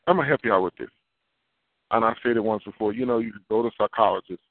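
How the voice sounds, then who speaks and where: A man's voice: lowish voice, fast, no echo. Man preaching a sermon over a tinny line. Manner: earnest, repetitive, confessional preaching. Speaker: prophet preaching. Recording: tinny phone-line sound, dry.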